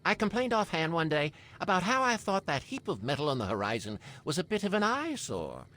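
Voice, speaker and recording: A genteel older game landlord; pompous drawl, swooping pitch. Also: male voice, very animated, fairly quick, bright, forceful tone. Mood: smug, pleased. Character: genteel older male tower landlord, smug. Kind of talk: video game voice acting.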